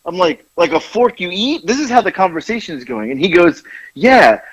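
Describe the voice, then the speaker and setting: A man's voice: sits high, normal speed, low-quality recording. A man co-hosting a podcast, telling a story in casual chat, laughing often and acting out what others said. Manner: animated, laughs often, acts out quoted lines. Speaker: podcast co-host.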